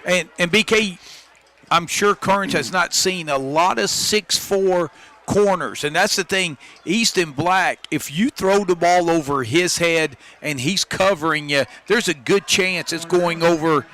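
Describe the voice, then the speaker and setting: Bright, slightly high male color commentator. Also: measured pace, a little hiss or hum. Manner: analytical, agreeing with the play caller.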